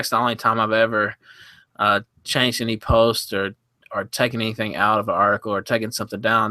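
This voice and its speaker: A man's voice: medium pitch, sharp tone, no room sound. A man being interviewed, telling his side at length in a candid, rambling way with many restarts. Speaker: interview guest. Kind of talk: casual interview talk.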